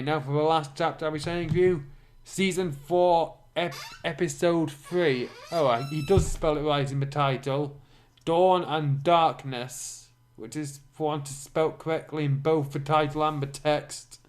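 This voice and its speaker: A man's voice: fairly high pitch, fairly even intonation, unhurried. Dry, mocking man reading a fan story. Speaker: reader and commentator. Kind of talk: sarcastic fanfic reading.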